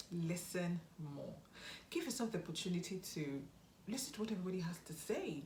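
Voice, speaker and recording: On her motivational vlog, a young Nigerian YouTube host earnestly encourages viewers and repeats key points. Her voice is on the low side with a darkish tone, recorded with roomy echo and a slight hiss or hum.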